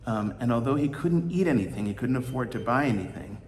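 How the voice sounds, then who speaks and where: A male pastor telling a story in a sermon, in a halting way with many ums and uhs. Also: medium pitch, expressive, darkish tone, roomy sound, big-room sound, slight background noise.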